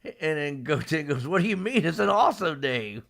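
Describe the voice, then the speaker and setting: Gravelly man animatedly retelling a manga chapter. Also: fairly high pitch, moderate pace. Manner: animated retelling, acting out characters' lines with laughs. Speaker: podcast host. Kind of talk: casual manga discussion. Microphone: live stream microphone.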